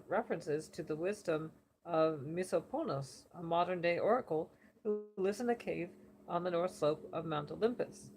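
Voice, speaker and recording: A woman reading a book passage aloud for elocution practice, steady and careful with occasional slips. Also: on the low side, vocal fry, slight background noise, poor audio. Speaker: reader.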